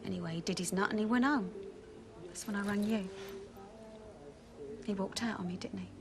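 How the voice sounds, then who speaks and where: A woman's voice: medium pitch, moderate pace, background noise, close to an everyday voice. An actress playing a brassy, wisecracking pub landlady in a 1980s TV soap, with a sardonic, dramatic manner. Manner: sardonic, dramatic, calls people darling. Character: brassy, wisecracking London landlady in emotional turmoil.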